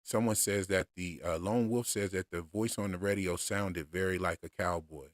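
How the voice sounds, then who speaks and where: A man chatting casually on a livestream about show theories, relaxed and unhurried, with lots of fillers and restarts. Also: low voice, dry recording, clean studio sound. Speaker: streamer discussing show theories.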